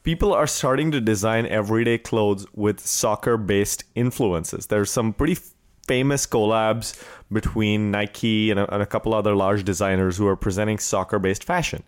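A man's voice: lowish voice, moderate pace, clean tone. A man hosting a casual sports podcast, joking crudely and ranting with energy. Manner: crude joking, animated rants. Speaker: podcast host.

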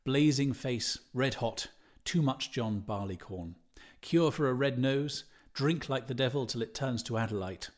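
Man doing hearty dublin gent, gossipy and brisk, bit louder than the narration. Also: mid-range voice, lightly acted. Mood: wry. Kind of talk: audiobook reading.

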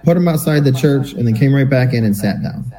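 A man with a mellow, darker tone co-hosts a casual podcast. He tells a personal story in an animated way and acts out the voices of the people in it. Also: medium pitch, a little fast, rough recording. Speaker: podcast co-host.

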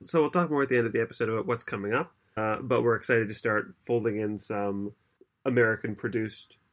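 A man's voice: lowish voice, brisk, fairly bright tone. A man co-hosting a podcast in casual chat, explaining at length and laughing often. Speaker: podcast co-host.

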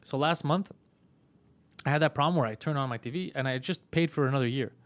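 Fast-talking, swearing comedian man. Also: medium pitch. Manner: animated, profane, acts out both sides of phone calls. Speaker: comedian podcast host. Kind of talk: casual storytelling chat.

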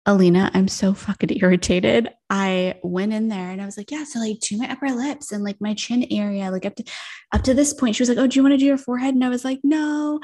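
A woman's voice: mid-range voice, fairly quick. Young woman cohost ranting about her day, like every other word, swears a lot. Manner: animated storytelling, heavy use of "like", swears freely. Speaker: podcast co-host. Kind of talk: casual chat.

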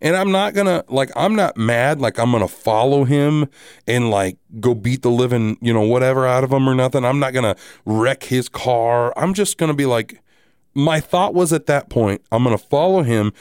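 A married man hosting a podcast, telling a story casually in a rambling, animated way with many restarts and asides. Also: mid-range voice, smooth, no echo, clean studio sound. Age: adult, married. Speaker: podcast host.

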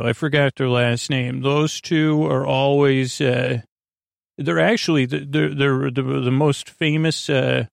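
A man hosting a sleep podcast, talking slowly in a creaky voice and drifting off into tangents full of filler. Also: medium pitch, no echo, clean studio sound. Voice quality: creaky, meandering. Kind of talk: rambling bedtime monologue.

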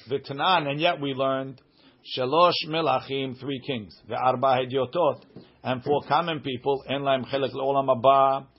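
Man translating a Talmud text aloud. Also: medium pitch. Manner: reads Aramaic text then translates it line by line. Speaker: Talmud teacher. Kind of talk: Talmud class, reading and translating. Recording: dull lo-fi recording.

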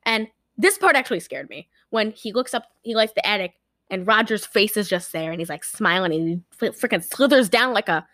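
A woman co-hosting a podcast, casually retelling a movie with animated storytelling and lots of fillers. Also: medium pitch, fairly quick, no echo, clean studio sound. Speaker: podcast co-host. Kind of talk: casual movie recap chat.

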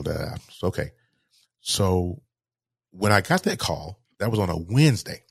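A man with a low, husky voice talks slowly and haltingly, circling back over his words. The sound is close and dry. He speaks in a heartfelt interview. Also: no room sound. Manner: halting, repeats words, grieving tone. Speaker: guest. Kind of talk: emotional interview storytelling.

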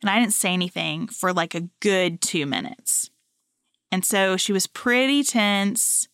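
A woman in her thirties co-hosting a podcast, telling a family story in an animated, chatty way. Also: medium pitch, measured pace, smooth, no echo, clean studio sound. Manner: warm, animated storytelling with laughs. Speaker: podcast co-host.

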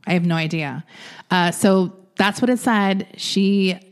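A woman's voice: mid-range voice, unhurried, smooth. A woman co-hosting a podcast, chattily recapping a story, laughing often and saying "like" a lot. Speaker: podcast co-host. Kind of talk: casual chat recapping a story.

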